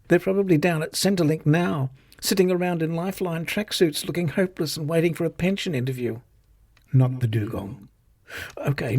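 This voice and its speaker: A man's voice: fairly high pitch, creaky, a little mellow, dry recording, clean studio sound, voice pushed up. A man voicing a fussy, chattering young vegan woman who complains nonstop in a storybook reading. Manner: babbling, aggrieved.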